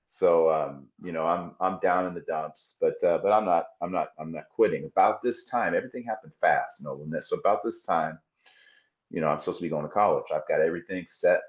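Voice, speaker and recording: A man's voice: low-pitched, a little mellow. A middle-aged man telling his life story in a casual interview, rambling with lots of fillers and restarts. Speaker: podcast guest, horse trainer. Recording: dull lo-fi audio.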